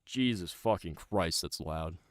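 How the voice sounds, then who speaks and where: A man's voice: sits low, measured pace, no echo. A young man streaming voice-acting practice, chatting casually with joking, profane, self-deprecating asides into a close desk mic. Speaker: voice actor streamer. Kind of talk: casual livestream chat.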